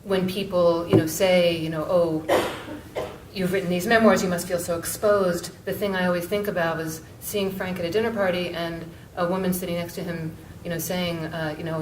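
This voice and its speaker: Low-voiced woman author, echoey and distant. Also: steady tone. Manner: halting, many restarts and fillers. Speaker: author on a panel. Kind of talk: conversational storytelling. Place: book event room, indoors. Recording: echoey room, mic far off, faint rumble.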